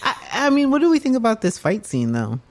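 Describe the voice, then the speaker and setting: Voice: medium pitch, huge pitch swings, brisk, music in the background. A podcast host leading a casual film discussion, chatty and agreeable.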